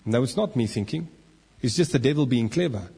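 A man's voice: medium pitch, a little fast, husky. A man preaching a sermon, acting out the inner voices of the people he talks about. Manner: animated, acts out inner voices. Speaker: pastor. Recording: long reverb of a church hall.

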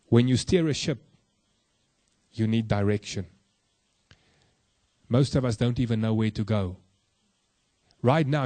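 A man preaching a sermon in an earnest, direct way, putting questions to his listeners and slowing to stress key words. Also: no echo. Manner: slow emphatic phrasing with soft low drops. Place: room with a congregation.

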